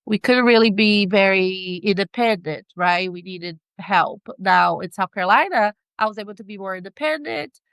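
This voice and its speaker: A woman's voice: medium pitch, moderate pace, hardly any pauses, a bit bright, smooth, no room sound. A middle-aged woman speaking English with a non-native accent, chatting as a podcast guest and laughing often as she searches for words. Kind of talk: casual interview chat.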